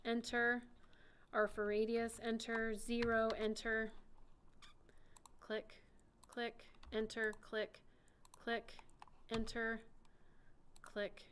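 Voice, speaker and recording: A woman giving a chatty software lesson, talking through each click and keystroke as she demonstrates. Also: on the high side, slight background noise. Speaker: CAD instructor.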